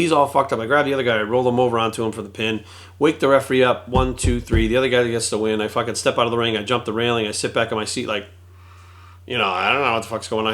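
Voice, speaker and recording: Fast-talking, profane middle-aged man. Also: mid-range voice. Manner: fast, profane, animated retelling with acted quotes. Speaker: former pro wrestler telling a story. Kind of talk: casual storytelling vlog.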